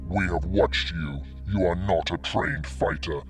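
A man's voice: sits low, a little slow, music in the background, pitched below the performer's own voice. A man narrating an audiobook voices a huge, scarred alien spider leader who speaks in a stilted, impenetrable way. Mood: menacing.

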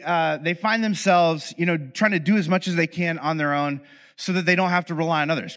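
This man's voice sits fairly high and a bit bright as he talks through relationship patterns, calling the listener "you" and playing both parties in ordinary arguments. It's a loose, conversational monologue full of acted scenarios, fillers, restarts, and jokes at his own expense, captured in a room with plenty of reverb.

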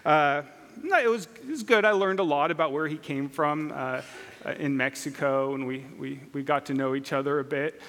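A man pastor telling a story in a sermon, conversational with many filler pauses. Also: fairly high pitch, fairly bright tone. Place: church sanctuary. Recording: long hall reverb.

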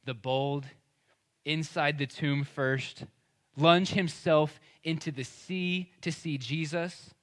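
A male pastor speaks in a fairly high voice. He preaches in a loose, conversational way and hits his points with emphasis. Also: fairly even intonation, slow pace, fairly bright tone. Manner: conversational and emphatic, acting out quoted speech. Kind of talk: sermon.

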